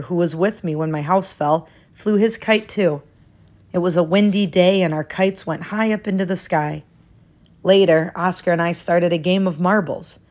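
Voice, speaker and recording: A woman reading a children's picture book aloud, lifting her voice expressively as each new day in the story begins. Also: fairly low pitch.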